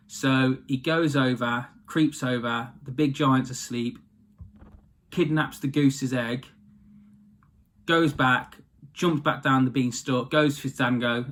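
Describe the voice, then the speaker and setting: A man's voice: medium pitch, fairly even intonation, a little slow, a bit bright. Chatty man telling a story. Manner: rambling, chatty, self-correcting. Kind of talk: casual storytelling.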